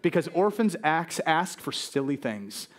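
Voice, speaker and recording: High-voiced animated preacher man. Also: a little slow. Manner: animated, acts out quoted worries, stammering restarts. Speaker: pastor. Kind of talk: sermon.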